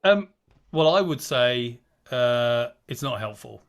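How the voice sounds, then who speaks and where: A man's voice: mid-range voice, expressive, slow pace, clear, resonant tone. A man speaking as a guest on a video call, chatty and digressive, acting out quoted inner voices. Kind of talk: casual talk on a video call.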